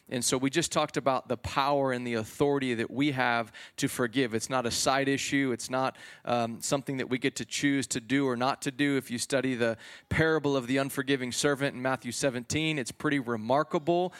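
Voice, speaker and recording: A man's voice: mid-range voice, steady tone, fairly quick, a bit bright. Male pastor, chatty sermon delivery, resonant and clean tone. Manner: conversational preaching with fillers and casual slang. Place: church hall before a congregation.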